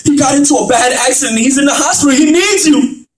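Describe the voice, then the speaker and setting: A man's voice: very high voice, fast talker, soft background music. A man voicing a young nephew urgently delivering bad news. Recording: echoey room, far from mic.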